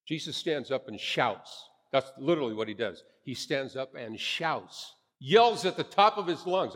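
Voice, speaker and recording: A man's voice: mid-range voice, a bit bright, long reverb tail. A man preaching a sermon as a pastor, earnest and emphatic, repeating his phrases for weight.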